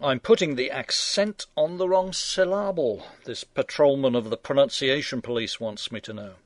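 A man with a medium-pitched voice hosts a radio show, reading scripted satirical commentary in a dry, sardonic, mock-indignant tone. The sound has no echo.

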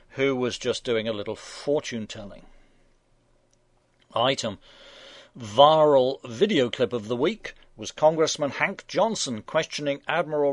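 A man's voice: mid-range voice, no echo. A man hosting a radio show, reading scripted satirical commentary in a dry, sardonic, mock-indignant manner.

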